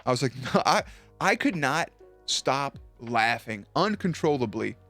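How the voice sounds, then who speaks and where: A man's voice: mid-range voice, big pitch swings, measured pace, bright, forceful tone, soft background music. A young man streaming live, telling stories to his chat in a casual, profane and laughing way.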